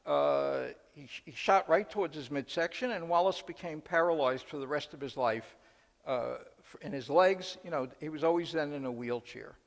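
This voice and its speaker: A man's voice: fairly high pitch, moderate pace, creaky. A man, a rabbi, telling anecdotes in a conversational lecture and acting out the quotes. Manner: conversational, anecdotal, quotes people in lively voices. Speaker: rabbi giving a talk. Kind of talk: storytelling lecture. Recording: long hall reverb.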